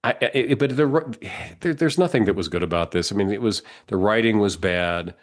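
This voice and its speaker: A low-voiced man co-hosts a podcast while fighting a cold. He talks in rambling, casual bursts, restarting sentences and breaking into laughter. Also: lively intonation, brisk. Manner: rambling, self-interrupting, laughs often. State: has a cold. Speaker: podcast co-host. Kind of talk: casual chat.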